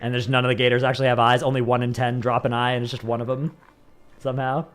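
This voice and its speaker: His voice sits in the mid-range, smooth and level in tone, and he moves at a quick pace. The speaker is a Bay Area livestreamer with a Northern Californian accent who rambles casually to his audience, often dropping in "like."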